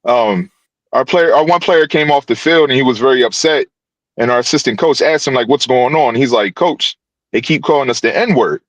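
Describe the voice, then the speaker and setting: A youth football coach telling a story on a podcast over a video call, animated and full of restarts. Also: male voice, mid-range voice, normal speed, no echo, rough recording. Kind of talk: casual podcast guest recounting events.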